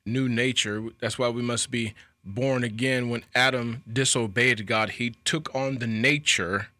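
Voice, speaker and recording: A man's voice: mid-range voice, steady tone, unhurried, pushed and bright, no room sound. A man co-hosting a Christian radio talk show, affirming and easy to laugh, in a studio. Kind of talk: Bible discussion on radio.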